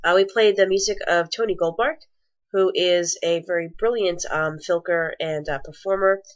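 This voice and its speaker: A woman's voice: on the low side, fairly even intonation, normal speed. A woman co-hosting a podcast in casual chat, rambling and chatty with lots of fillers. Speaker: podcast co-host. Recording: muffled lo-fi podcast audio.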